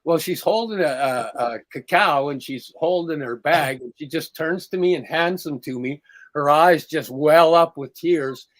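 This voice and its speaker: A man's voice: on the high side, a little slow, no room sound. A middle-aged man co-hosting a podcast, telling a story in casual chat and acting out the quoted lines with a raised voice. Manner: animated, acts out quoted dialogue in a raised voice. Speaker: podcast co-host.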